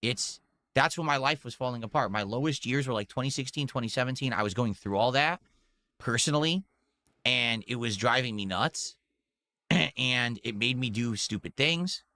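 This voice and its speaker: Bright-voiced man rambling to his audience. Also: mid-range voice, normal speed, no room sound. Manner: rambling, self-justifying, fillers. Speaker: streamer in played clip. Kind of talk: casual monologue to audience.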